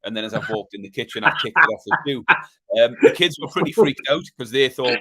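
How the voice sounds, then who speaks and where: Man telling a story on a podcast. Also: fast. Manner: animated storyteller, drops to a low murmur. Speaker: podcast co-host. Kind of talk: casual podcast chat.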